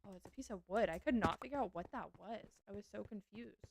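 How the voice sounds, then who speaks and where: A woman's voice: medium pitch, quick pace, creaky, no room sound. Chatty woman streaming a game. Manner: chatty, answering chat as she plays. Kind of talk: casual live-stream chat while gaming.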